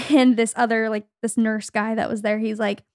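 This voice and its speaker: A woman's voice: a little high, moderate pace, no echo, studio quality. A woman in her twenties co-hosting a podcast, telling stories in a chatty way and acting out the people she quotes. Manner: chatty storytelling, quoting people in a lively voice. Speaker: podcast co-host. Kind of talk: casual chat.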